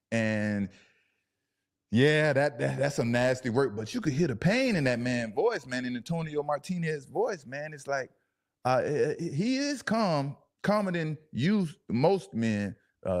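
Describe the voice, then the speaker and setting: A man hosting a talk show, giving casual, animated commentary on a clip with speech. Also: a little high. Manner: animated, laughing, drawn-out emphatic asides. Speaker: show host.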